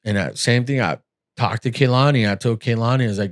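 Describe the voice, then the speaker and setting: A man's voice: mid-range voice, fast talker. A middle-aged man hosting a podcast, telling his own story in a candid, earnest, blunt and emotional way. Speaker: podcast host.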